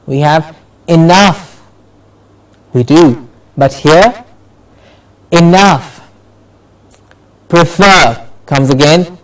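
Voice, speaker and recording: A man teaching a pronunciation class, modelling words slowly and carefully, drawing them out for his students to repeat. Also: on the high side. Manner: slow, drawn-out modelling of words. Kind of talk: classroom lesson. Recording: voice from far off the mic.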